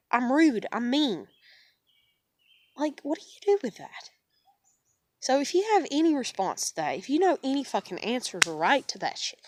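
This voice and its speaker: High-voiced frustrated woman venting. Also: fairly bright tone, dry recording. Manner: swearing, exasperated, trailing off into weary sighs. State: upset and stressed. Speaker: vlogger. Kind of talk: frustrated personal vent to camera.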